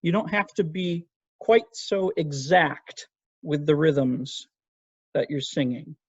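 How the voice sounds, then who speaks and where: A man's voice: fairly high pitch, takes it slowly, breathy edge, no room sound. A man teaching an online voice lesson, patiently explaining technique and singing short phrases to demonstrate. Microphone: video call. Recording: dull, lo-fi video call audio.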